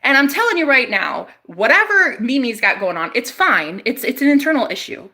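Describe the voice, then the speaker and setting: Talking at a moderate pace with big pitch swings, a young streamer fires back at her chat in a casual stream. Her bright, somewhat high voice carries sharp sarcasm, easy swearing, and frequent laughs, shifting from loud digs to quiet throwaway remarks.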